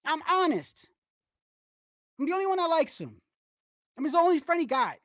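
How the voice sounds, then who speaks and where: A woman hosting a boxing channel livestream, ranting in animated, profane, slangy talk full of restarts. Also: very high voice, normal speed, dry recording. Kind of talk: casual livestream commentary.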